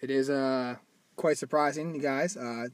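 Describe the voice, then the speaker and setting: A Midwestern man co-hosts a casual podcast from a car, recorded on a phone with slight background noise. His medium-pitched voice is steady and unhurried as he rambles, jokes, corrects himself, and stutters now and then.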